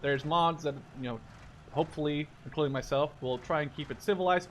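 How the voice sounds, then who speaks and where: Young man, from the Netherlands, gaming commentary, rambling, casual swearing, somewhat high voice, faint artillery behind. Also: fairly quick, slight background noise. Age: 20s. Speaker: gaming YouTuber.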